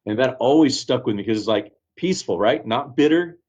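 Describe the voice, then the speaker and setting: A man's voice: mid-range voice, a little fast, darkish tone. A man, a pastor, telling stories in earnest, reflective conversation with many restarts. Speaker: pastor, guest. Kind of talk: casual conversation, storytelling.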